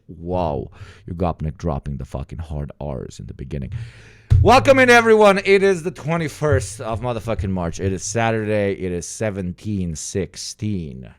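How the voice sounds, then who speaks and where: A young adult male streamer chatting casually with his viewers, swearing freely and swinging from exaggerated outbursts to low mutters. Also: no echo, clean studio sound. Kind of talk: casual live stream chat.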